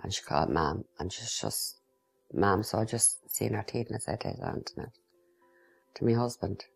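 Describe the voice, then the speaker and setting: Older woman, interviewee; husky, gravelly, halting delivery. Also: extremely low pitch, soft background music. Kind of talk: recounting a memory.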